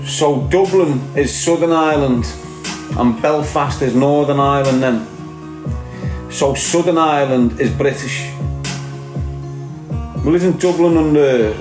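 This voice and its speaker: A man with a Liverpool accent hosts a casual livestream. He rambles and drives his points home emphatically, speaking directly to his audience. His voice sits at a middling pitch in an echoey room, with music playing clearly behind him. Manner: rambling and emphatic, talks straight to the listener. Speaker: podcast host.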